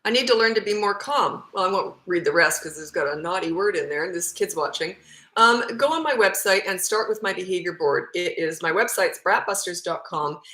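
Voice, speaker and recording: A woman's voice: fairly low pitch, fairly quick, pushed and bright, roomy sound, poor audio. A woman in her fifties, a parenting coach, answering viewer questions in a blunt, matter-of-fact way. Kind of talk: casual Q&A advice.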